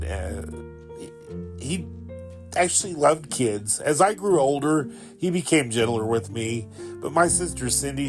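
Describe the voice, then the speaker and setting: A man in his fifties hosting a podcast, telling a personal story in a rambling, fond way, with many fillers and laughs. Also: medium pitch. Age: 50s. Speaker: podcast host.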